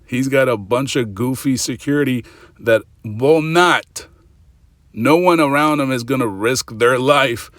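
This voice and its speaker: A man's voice: medium pitch, unhurried, fairly bright tone, no echo, studio quality. Skeptical man ranting on commentary. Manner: skeptical, ranting, repeats points. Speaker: reaction channel host. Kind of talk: casual commentary.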